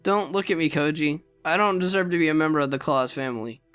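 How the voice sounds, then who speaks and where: A man voicing a sweet, clumsy young woman Santa Claus in a visual novel read aloud, speaking softly and haltingly. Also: a little high, smooth, faint music behind, lightly acted. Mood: tearful. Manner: soft, tearful, faltering speech.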